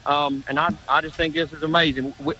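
A man calling in to a radio show, enthusiastic and halting. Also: fairly high pitch, level tone, sharp tone, highs cut off. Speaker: caller. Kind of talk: call-in message.

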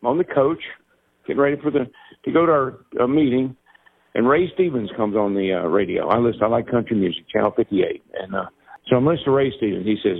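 Gravelly older Kentucky man on a phone line. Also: medium pitch, quick pace. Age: 70s. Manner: folksy, animated storyteller who acts out quotes. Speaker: retired racing driver and broadcaster, guest. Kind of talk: storytelling interview. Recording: tinny phone-line recording.

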